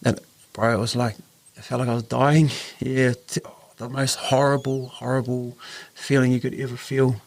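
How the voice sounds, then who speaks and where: A New Zealand man with a gravelly, creaky voice tells an earnest personal story on a podcast. His pitch sits in an ordinary middle range for a man. He acts out the voices of the people in his story as he goes. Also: little pitch movement, moderate pace, few pauses. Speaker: podcast host.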